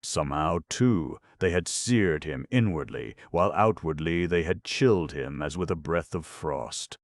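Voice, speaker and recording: Very deep, gravelly male narrator. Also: lively intonation, measured pace, no room sound. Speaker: audiobook narrator. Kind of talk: scripted audiobook narration.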